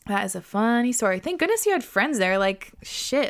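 A woman's voice: mid-range voice, expressive, brisk, hardly any pauses. A young woman hosting a podcast, reading out listener stories and reacting in casual chat, laughing often and swearing freely.

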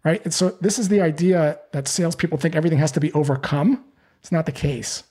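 A man's voice: fairly high pitch, steady tone, fast, dark tone, slightly rough. A man who trains salespeople, answering podcast interview questions and acting out cold calls in quoted voices.

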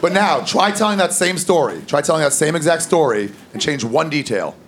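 A man's voice: on the high side, animated, a little fast, heavy background noise. A man doing a stand-up set, telling a crude, loose story. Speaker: stand-up comedian. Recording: live stand-up with loud crowd laughter.

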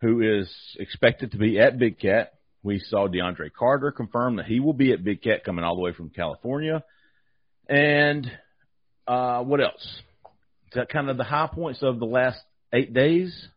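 A man's voice: medium pitch, unhurried, dry recording. A man hosts a casual sports talk show, joking and rambling as he restarts his sentences. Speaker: podcast host. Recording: slightly muffled podcast audio.

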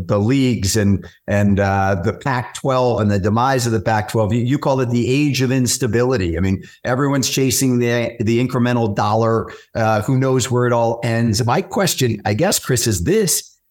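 A middle-aged man hosting an interview, telling quick, chatty anecdotes and asking long questions. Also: medium pitch, a little mellow. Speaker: interview host. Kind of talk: casual conversation.

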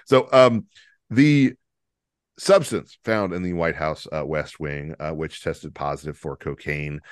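A man's voice: very deep voice, measured pace, smooth, no room sound, studio quality. A man co-hosting a casual podcast, rambling with many fillers and restarts and chuckling as he goes. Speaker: podcast co-host. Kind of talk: casual political comedy chat.

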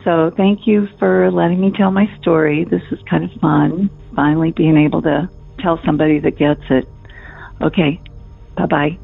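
Caller, woman in her fifties: animated storyteller with a gravelly edge, phone-line sound. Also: sits low, moderate pace, soft background music. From Minnesota. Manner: chatty, animated storytelling with nervous laughs.

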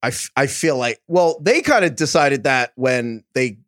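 A man's voice: mid-range voice, animated, unhurried, fairly bright tone, no room sound, clean studio sound. A man co-hosting a sports podcast, who rambles, mocks himself and steers the talk. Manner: rambling, self-mocking, steers the show. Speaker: podcast co-host. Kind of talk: casual sports podcast banter.

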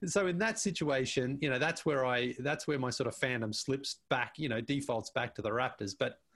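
Male podcast guest, mid-pitched, rambling and chatty, slips into quoted voices. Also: moderate pace, fairly bright tone. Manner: chatty, repeats words, acts out quoted speech. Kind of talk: casual conversation.

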